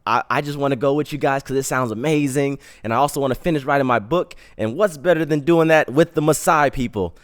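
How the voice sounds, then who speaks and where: A man's voice: mid-range voice, fast talker, few pauses, natural voice. A man voicing his eager middle-aged mother, talking in an enthusiastic, pleading way.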